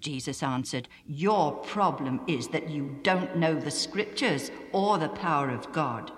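A woman narrating a Bible story with expressive, character-driven reading. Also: low-pitched, measured pace, echoey room, in a large hall. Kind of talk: scripted narration. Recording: music behind the reading.

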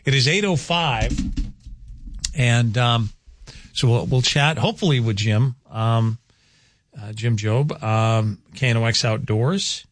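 A man's voice: medium pitch, slow, no room sound, clean studio sound. Chatty male radio host. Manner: chatty, rambling, animated asides. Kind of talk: casual morning radio chat. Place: radio studio. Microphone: studio microphone.

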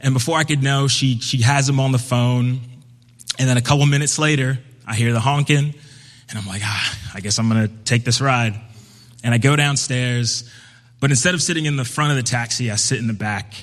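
A young man from Brooklyn tells a personal story on stage, at an easy, conversational pitch in the middle range. When he quotes other people, he pops up into higher, livelier voices. His voice rings out with the long reverb of a big hall. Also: a little fast, fairly bright tone. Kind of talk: live storytelling performance.

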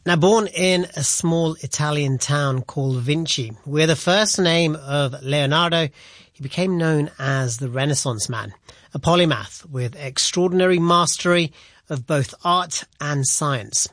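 A man presenting a radio news programme in a measured, formal way. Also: on the high side, a bit bright, no echo, studio quality.

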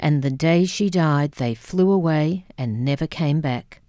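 A blunt, grieving middle-aged mother, read by a woman narrator, her voice low and warm. She speaks slowly and quietly, recorded dry in a radio studio. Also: no room sound. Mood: reflective.

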